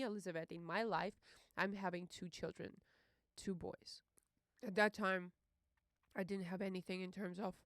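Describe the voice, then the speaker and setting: A young woman hosting a podcast, telling a personal story in an emotional, halting way, with many fillers and curses. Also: fairly low pitch, smooth, no room sound, clean studio sound. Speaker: podcast host.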